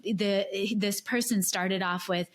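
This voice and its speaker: A woman's voice: medium pitch, fairly even intonation, takes it slowly. Middle-aged woman host, affirming, chatty storyteller. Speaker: podcast host. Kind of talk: conversational podcast interview.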